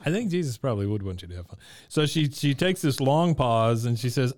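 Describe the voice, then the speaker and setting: A man co-hosting a podcast, recapping an episode in casual chat and acting out lines in a higher voice. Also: animated, brisk, a little mellow, no room sound, studio quality. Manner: retells scenes, jumping up in pitch to voice characters. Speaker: podcast co-host. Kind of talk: casual episode recap, reading quotes aloud.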